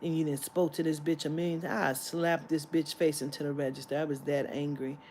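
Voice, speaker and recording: A woman's voice: low voice, level tone, fairly quick, darkish tone, a little hiss or hum. A woman vlogger telling a story in a heated, profane rant that breaks into laughter.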